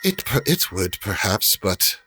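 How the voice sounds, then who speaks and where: A man voicing a scheming female merchant who talks smoothly and feigns concern. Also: lowish voice, big pitch swings, measured pace, bright, forceful tone, faint music behind, full character voice. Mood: confiding.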